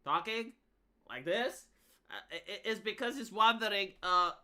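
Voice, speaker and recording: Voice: mid-range voice, a little slow, pushed and bright. A VTuber streamer giving live reaction commentary, rambling and stammering, with a sarcastic edge.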